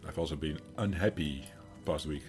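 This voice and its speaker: A man's voice: very deep voice, normal speed, darkish tone, soft background music. A man in his thirties with a Dutch accent, chatting casually with his stream chat, rambling with fillers as he answers them. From Netherlands.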